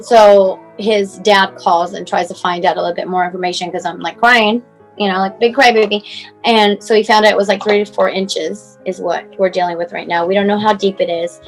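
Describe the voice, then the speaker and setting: A woman in her forties tells a personal story at a middle pitch, rambling and filling her speech with "like" and "you know." She is recorded on a clip-on mic, with faint music underneath. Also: low-quality recording. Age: 40s. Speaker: mother telling her son's story as a guest. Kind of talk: emotional personal account.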